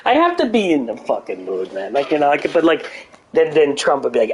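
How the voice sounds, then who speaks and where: A man's voice: a little high, sing-song, a little fast. Blunt, profane older man chatting casually. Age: older adult. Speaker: gaming streamer. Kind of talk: casual chat over gameplay.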